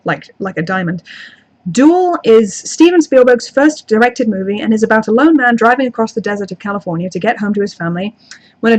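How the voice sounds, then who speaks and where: Chatty woman streamer answering chat. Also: mid-range voice. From outside the United States. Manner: chatty, self-deprecating, frequent restarts. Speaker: channel host reading live chat. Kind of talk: casual livestream chat.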